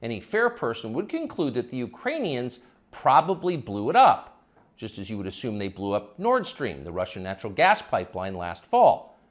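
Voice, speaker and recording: A middle-aged man delivers a cable opinion monologue with heavy sarcasm. His pitch swoops dramatically from low to high as he leans hard on each point. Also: huge pitch swings, normal speed. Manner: sarcastic, emphatic. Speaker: commentator.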